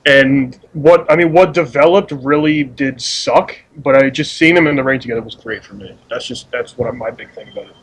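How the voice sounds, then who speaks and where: A man co-hosting a casual podcast, talking with quick, rambling enthusiasm. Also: medium pitch, slightly rough, poor audio. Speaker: podcast co-host. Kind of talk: casual wrestling review chat.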